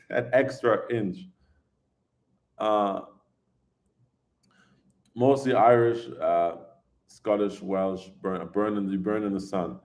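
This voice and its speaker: A man with a lowish voice hosts a relaxed live stream. He rambles, overshares and answers viewers' questions one after another, laughing easily along the way. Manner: excitable, laughs often. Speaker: livestreamer chatting with viewers. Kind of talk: casual live-stream chat.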